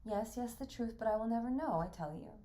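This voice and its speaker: A woman reading aloud the part of a brooding, aloof husband who speaks in a flat, withholding way. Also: a little high, fast, natural voice. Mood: cold. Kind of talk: reading a stage play aloud.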